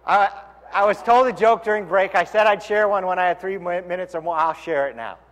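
A man leading a synagogue service, telling a joke to the congregation with lively, loud punchlines. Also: high-pitched, brisk, in a large hall. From Tucson, Arizona. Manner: lively storyteller, shouts punchlines. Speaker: service leader.

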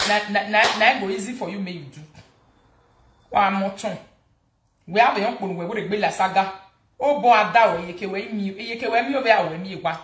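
A Nigerian woman hosting a gossip vlog, talking in a mocking, animated way and repeating words for emphasis. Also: mid-range voice, reverberant. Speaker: gossip vlogger. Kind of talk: casual gossip commentary.

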